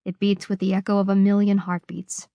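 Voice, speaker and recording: A woman voicing a loving middle-aged father, gentle and shaking, in an audiobook. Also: medium pitch, level tone, fairly quick, dry recording, studio quality, natural voice. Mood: tender.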